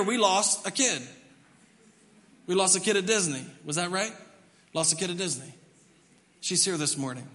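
A pastor delivers a sermon in a bright, high voice, animated and storytelling as he acts out little voices. The sound carries a long church reverb around him. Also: slight background noise. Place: church sanctuary.

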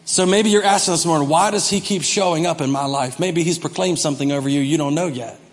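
A man's voice: on the high side, fast. A male pastor preaching an impassioned sermon in a large church hall, acting out the voices he quotes. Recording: long hall reverb, music behind.

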